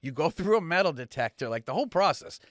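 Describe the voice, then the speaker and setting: A man's voice: a little high, very animated, fast, fairly bright tone, no echo, studio quality. A man, co-hosting a podcast, ranting heatedly and swearing a lot as he tells a story. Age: young adult. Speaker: podcast co-host. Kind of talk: casual ranting chat.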